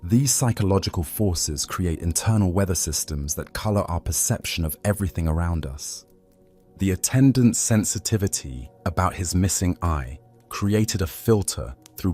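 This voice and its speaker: A man calmly narrating a scripted bedtime story. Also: low-pitched, normal speed, breathy edge, soft background music.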